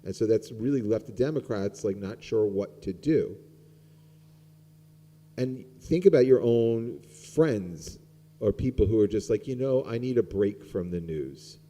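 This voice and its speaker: A middle-aged rabbi talks through an informal sermon, loose and conversational, with plenty of "um" and "like". His voice sits low and is very dark and mellow. The sound rings out in a large, reverberant sanctuary. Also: lively intonation, unhurried. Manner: conversational, rambling with many fillers. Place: synagogue sanctuary. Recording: long hall reverb.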